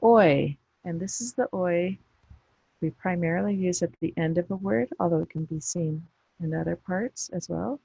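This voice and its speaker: A woman teaching phonics, saying each letter sound slowly and clearly, then explaining briefly when it is used. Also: lowish voice, warm tone, dull audio. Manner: pronounces isolated sounds deliberately, explains briefly. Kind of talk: slow instructional phonics drill.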